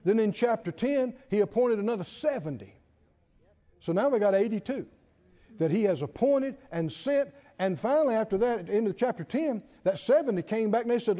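A man preaching a sermon, animated and laughing often, drawing call-and-response from the congregation. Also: sits high, brisk. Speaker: pastor. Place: large church hall with congregation. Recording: dull lo-fi hall recording.

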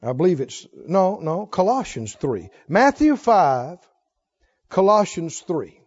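A man's voice: high voice, sing-song, slow, darkish tone, breathy edge. A male preacher delivering a fervent sermon, exhorting and calling on the congregation to answer back. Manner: fervent, exhorting, calls for audience response. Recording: dull lo-fi recording.

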